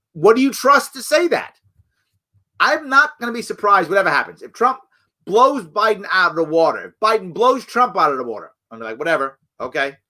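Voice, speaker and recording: A man answers live chat questions on an ask-me-anything stream, chatting casually and animatedly. He keeps restarting and correcting himself, and takes big jumps up in pitch when voicing other people.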